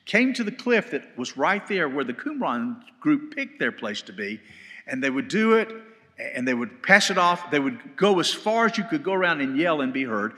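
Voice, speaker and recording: A man teaching a Bible study in sermon style, telling stories with animated delivery, recorded live in a church hall. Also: a little high. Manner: animated storytelling, shouting quoted lines.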